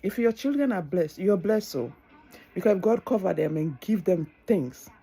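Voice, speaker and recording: Woman, middle-aged, tearful, earnest, preachy, husky, mellow tone. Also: on the low side, animated, moderate pace, low-quality recording. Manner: earnest, preachy, repeats phrases for emphasis. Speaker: vlogger. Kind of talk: heartfelt advice monologue.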